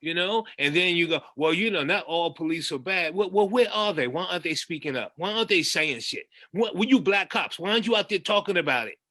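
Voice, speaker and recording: A man on a panel who speaks with emphatic frustration, his voice bright and ringing. The recording is dry, with no room sound behind him. His pitch sits a little high for a man. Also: animated, quick pace, hardly any pauses, no room sound. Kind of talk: panel discussion.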